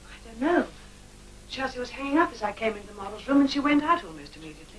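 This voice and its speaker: A guarded young fashion model. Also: female voice, on the high side, very animated, fast, distant mic, poor audio. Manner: reserved, hushed, then sharp. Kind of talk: 1950s film acting.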